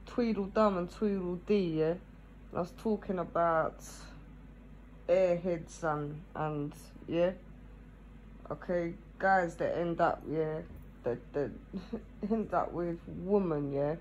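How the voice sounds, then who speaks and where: A woman's voice: fairly low pitch, a little mellow, slight background noise, rough recording. A woman, chatting casually to camera, tagging nearly every phrase with "yeah?" and laughing between thoughts. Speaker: vlogger.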